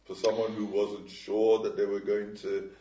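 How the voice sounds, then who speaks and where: A male interviewer asking questions in a halting way, searching for his words. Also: lowish voice, level tone, warm tone. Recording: roomy and distant from the mic.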